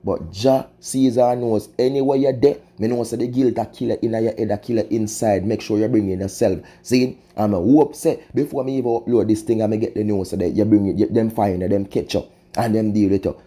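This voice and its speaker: Jamaican man, patois commentary, very dark mellow tone, emphatic, rhetorical asides. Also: fairly low pitch, steady tone, brisk. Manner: emphatic, preachy, peppers talk with rhetorical asides. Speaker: vlogger.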